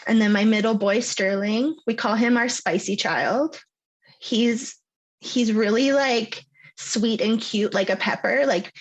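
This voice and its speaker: A woman's voice: mid-range voice, lo-fi sound. A woman in her thirties from Cyprus, with a mixed Cypriot English and Canadian accent, chatting casually as a podcast guest, often saying um and like. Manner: chatty, laughs often, many fillers like um and like. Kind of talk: casual interview chat.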